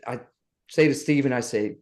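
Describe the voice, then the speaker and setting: A middle-aged man from the South, guesting on a podcast and telling his stories in a lively, animated way. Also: medium pitch, moderate pace. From Southern United States. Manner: lively anecdotes, acts out the people he quotes. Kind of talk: animated storytelling.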